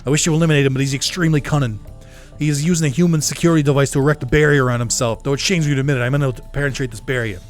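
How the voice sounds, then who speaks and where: A man's voice: medium pitch, fairly even intonation, very fast, soft background music, natural voice. Beelzemon, a man doing a haughty Boston-accented demon lord. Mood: disdainful. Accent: put-on Boston. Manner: stiff formal dramatic reading with a few stumbles. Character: haughty proud male demon lord, scornful. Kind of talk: reading game dialogue aloud.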